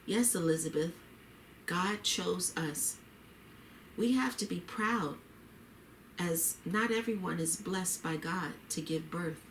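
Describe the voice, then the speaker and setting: A woman's voice: lowish voice, slow, long pauses, slight background noise. A woman reading the lines of a hopeful, pious young woman in a story, earnestly and reverently. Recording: roomy echo.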